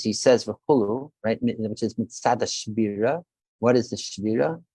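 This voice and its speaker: Low-voiced man teaching Torah haltingly. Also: darkish tone, slightly rough, dry recording. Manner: halting, repeats words, often restarts; weaves in Hebrew terms. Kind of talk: online Torah class.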